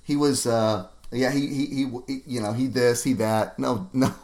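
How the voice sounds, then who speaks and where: A man's voice: medium pitch, steady tone, moderate pace, a little mellow. A man hosting a podcast, chatting casually with a friend, laughing often and cursing freely. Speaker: podcast host. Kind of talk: casual chat.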